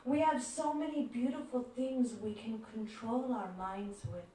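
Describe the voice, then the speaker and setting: A woman giving a devotional talk, telling stories gently and acting out the voices in them. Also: on the high side, steady tone, measured pace. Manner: gentle storyteller who acts out quoted voices. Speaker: devotional speaker. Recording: echoey room, far from mic.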